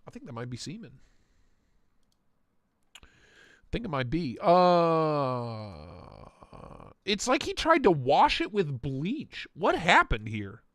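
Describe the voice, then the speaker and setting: A man hosts a casual livestream, trading crude jokes as he runs through knife listings. His voice sits fairly high and swings around with lots of life, a little hoarse, and it sounds dry and close to the mic. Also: wildly swooping pitch, slow pace, long pauses, fairly bright tone, no echo. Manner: crude joking banter, laughs often. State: voice going hoarse. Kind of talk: casual live-stream commentary.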